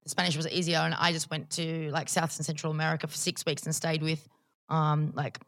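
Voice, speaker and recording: A woman's voice: sits low, little pitch movement, fairly quick, fairly bright tone. An Australian woman chatting frankly as a podcast guest, swearing freely. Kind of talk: casual chat.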